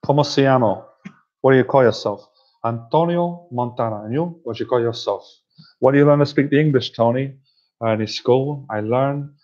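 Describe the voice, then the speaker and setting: A man putting on an impression of a tough-talking male film gangster, in a slow put-on drawl. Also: mid-range voice, mellow, close to an everyday voice. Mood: swaggering. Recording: dull lo-fi recording.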